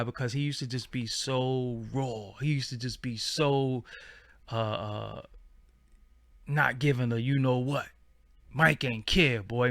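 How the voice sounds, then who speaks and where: A man's voice: medium pitch, fairly bright tone, no room sound, studio quality. A man, hosting a casual livestream and chatting in a slangy, rambling way. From Brooklyn, New York. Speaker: channel host.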